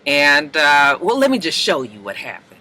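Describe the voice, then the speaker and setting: A man casually recapping a TV episode for his vlog, animated and chatty, with some swearing. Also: a little high, normal speed, poor audio. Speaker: TV recap vlogger.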